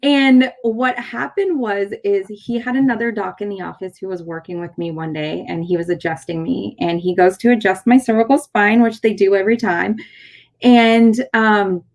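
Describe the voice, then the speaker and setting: A woman's voice: medium pitch, fairly even intonation, moderate pace, darkish tone. A woman in her thirties from San Diego, a chiropractor hosting a show, telling a personal story in casual conversation. She tells it animatedly, acts out the dialogue, and uses many fillers and restarts. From San Diego, California.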